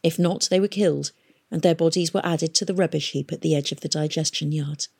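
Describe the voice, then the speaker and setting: A woman reading a novel aloud in a steady, measured storytelling voice. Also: sits low, gravelly, slightly rough. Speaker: audiobook reader.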